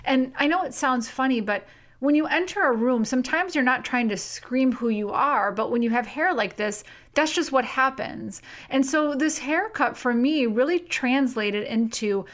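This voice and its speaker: A woman's voice: sits high, expressive, moderate pace. A middle-aged woman hosting her own podcast, talking candidly and with self-deprecating humor, and reading a passage from her book. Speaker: podcast host.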